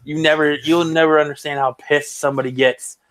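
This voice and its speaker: A man's voice: fairly high pitch, steady tone, fairly quick, a bit bright, no room sound. A man co-hosting a podcast in casual chat, joking and teasing with frequent swearing. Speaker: podcast co-host.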